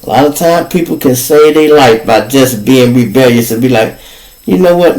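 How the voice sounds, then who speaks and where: On his own show, a podcast host from Chicago tells a street story with a Chicago accent, using casual, profane slang and performing both sides of the argument. He has a mid-range, darkish voice at normal speed, captured on poor audio.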